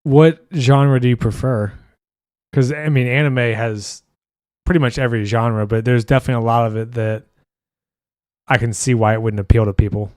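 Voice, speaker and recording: A man hosting a casual podcast while gaming, blunt and quick to swear, reading out viewer chat. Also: mid-range voice, steady tone, a little mellow, dry recording, studio quality. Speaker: podcast host and streamer.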